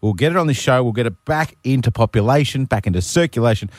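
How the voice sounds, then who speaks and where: A man's voice: medium pitch, expressive, fast talker, no room sound, studio quality. A man in his thirties with an Australian accent, co-hosting a radio show in jokey banter with stumbling restarts. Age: 30s. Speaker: radio co-host. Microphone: studio microphone.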